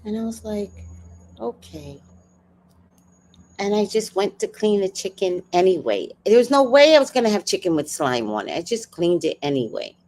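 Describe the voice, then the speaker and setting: A woman in her fifties chats with her livestream viewers in a lively voice that swings up and down. She acts out the people in her stories, laughs easily and swears freely. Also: medium pitch, normal speed, slight background noise. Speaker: livestream host. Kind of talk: casual storytelling to a live chat.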